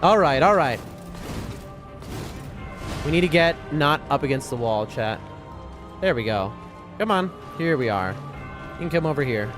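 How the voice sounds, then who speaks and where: A high-pitched male streamer gives live gameplay commentary, his voice swinging wildly up and down as he yelps and mutters to his chat. Loud game music plays clearly behind him. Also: lively intonation, a little slow, long pauses. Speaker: gaming streamer.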